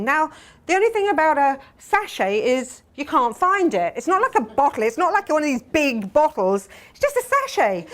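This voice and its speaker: A woman's voice: sits high, background noise. A middle-aged woman telling funny personal stories to customers in a tearoom, chatty and self-mocking, laughing as she goes. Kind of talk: humorous personal storytelling. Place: tearoom with a live audience.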